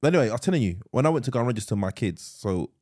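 A man in his thirties co-hosting a casual podcast chat, animated, swearing freely and repeating himself. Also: medium pitch, very fast. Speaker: podcast co-host.

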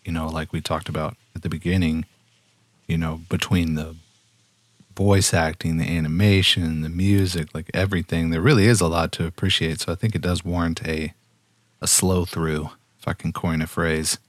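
A man with a very low, deep voice talks casually as a podcast co-host. He makes laid-back, musing comments with chuckling asides, and the recording sounds dry and close, with no room echo. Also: flat delivery, normal speed. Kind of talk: casual recap chat.

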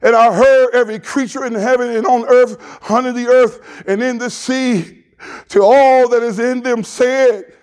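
A man's voice: extremely high pitch, steady tone, normal speed, darkish tone. A man preaching as a pastor, reading scripture and praying in an impassioned, tearful way. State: crying. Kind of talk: sermon with prayer.

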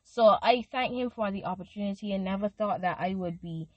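A woman's voice: medium pitch, fairly even intonation, brisk, vocal fry, few pauses, no room sound, highs cut off. A young woman hosting a Christian podcast, speaking earnestly and emotionally and leading listeners in prayer. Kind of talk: devotional podcast talk with prayer.

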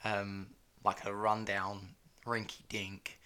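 A man's voice: on the low side, monotone, slow, sharp tone, clear, resonant tone. A man co-hosting a podcast, chatting casually and teasing his co-host with jokes. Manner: joking, teasing banter. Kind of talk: casual chat.

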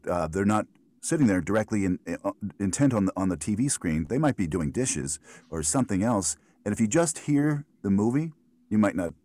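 Very deep-voiced American voiceover man. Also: a little mellow, dry recording. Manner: thoughtful, rambling answers with frequent restarts and fillers. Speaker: voiceover artist guest. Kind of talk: relaxed conversational interview.

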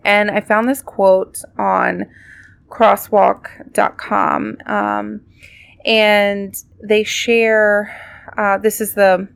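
A woman's voice: mid-range voice, level tone, drawn-out words, creaky, clear, resonant tone, dry recording. A woman hosting a podcast, giving a casual devotional talk in a reflective, conversational way with many fillers. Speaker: podcast host.

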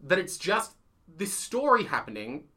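A man co-hosting a casual theatre chat, animated and quick to laugh and act out quotes. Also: high-pitched. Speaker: podcast co-host; playwright.

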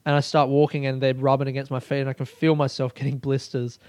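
A man telling a personal story in a casual monologue. He talks in an animated way, swears freely and laughs often. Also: medium pitch, fast, no echo, clean studio sound. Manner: animated and profane, with frequent laughter. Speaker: solo storyteller.

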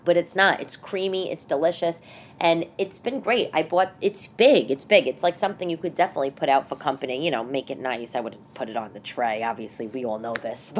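A woman's voice: rumbling low, fairly quick, a little hiss or hum. A middle-aged woman with a New York accent, hosting her own podcast in a rambling, chatty way, interrupting herself often. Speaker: podcast host and comedian. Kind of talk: casual solo podcast chat.

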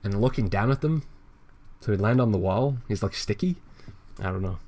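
A man's voice: fairly low pitch, lively intonation, moderate pace, a little mellow, slight background noise. A man co-hosting a casual comedy podcast, reading a fan comic aloud in a rambling, giggly way and swearing freely.

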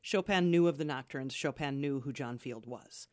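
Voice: medium pitch, normal speed, darkish tone, no echo, studio quality. A host of a classical music show who chats and explains pieces in plain terms. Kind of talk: casual chat and show hosting.

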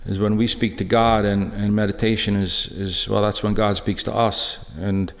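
A middle-aged man giving a personal testimony talk in a church, halting and earnest, full of restarts. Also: lowish voice, flat delivery, creaky. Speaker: lay speaker sharing a personal witness. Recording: echoey church hall.

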